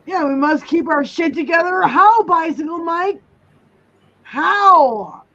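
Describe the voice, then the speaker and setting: A woman's voice: very high-pitched, expressive, takes it slowly, bright, forceful tone, muffled recording. A woman hosting a casual livestream, ranting angrily with heavy swearing while reading viewer comments. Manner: angry, heavy swearing rant.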